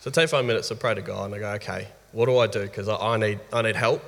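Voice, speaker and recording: This is an Australian man in his thirties sharing a candid story about being a father. He tells it with lively energy and frequent laughter. His voice sits a touch low, and a long room reverb trails behind it. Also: quick pace, creaky. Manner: lively, animated storyteller who laughs often. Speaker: guest father.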